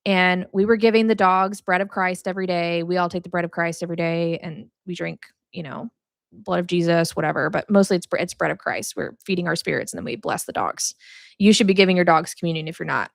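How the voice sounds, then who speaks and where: A woman's voice: on the low side, brisk, creaky, no echo, clean studio sound. A young woman hosting a podcast, teaching about faith in a casual, chatty way, laughing often and filling her talk with "like". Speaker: podcast host.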